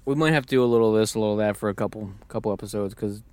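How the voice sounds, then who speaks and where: A man's voice: on the low side, rapid-fire, darkish tone, no echo. A man co-hosting a podcast, chatting casually in a joking, crude way with bursts of animation. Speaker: podcast co-host. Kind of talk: casual chat.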